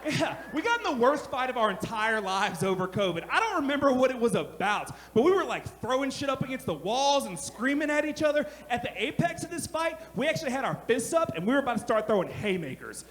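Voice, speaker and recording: High-voiced man doing brash stand-up. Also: brisk, hardly any pauses. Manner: brash, animated storytelling with shouted punchlines. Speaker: stand-up comedian. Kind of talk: stand-up comedy set. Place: comedy club stage. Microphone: handheld stage mic. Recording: live club recording with crowd noise. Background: audience laughter.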